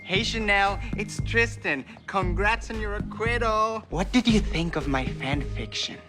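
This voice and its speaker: A man's voice: high voice, measured pace, music in the background. An actor playing an eager, fawning young male superfan in a TV series.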